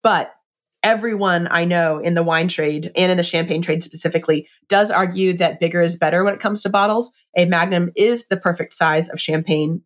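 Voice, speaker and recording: A middle-aged woman chatting casually and enthusiastically about wine and a book, with lots of fillers. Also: fairly low pitch.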